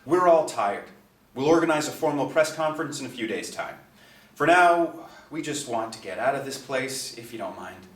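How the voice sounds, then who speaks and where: A man voicing a dignified, grieving middle-aged superstar father who speaks in a composed, measured way in a storybook reading. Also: mid-range voice, expressive, pitched above the performer's own voice, close to an everyday voice. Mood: soothing. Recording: echoey, distant mic.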